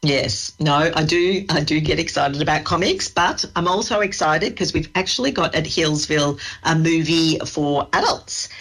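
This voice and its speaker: A woman's voice: deep voice, moderate pace, hardly any pauses, a bit bright, husky. Bubbly Australian woman. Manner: bubbly, chatty, laughs easily. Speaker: library staff guest. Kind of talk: enthusiastic radio interview.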